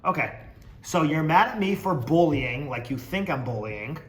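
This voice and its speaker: A man's voice: a little high, animated, normal speed. Sarcastic man in an echoey room. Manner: sarcastic and mocking, swears freely. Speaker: podcast host reading viewer comments. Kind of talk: casual chat.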